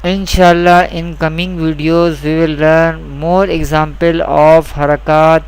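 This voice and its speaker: A man teaching a beginner's Quran reading lesson, repeating each rule slowly and carefully, with a South Asian English accent. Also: fairly high pitch, level tone, smooth, poor audio. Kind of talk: slow instructional lesson.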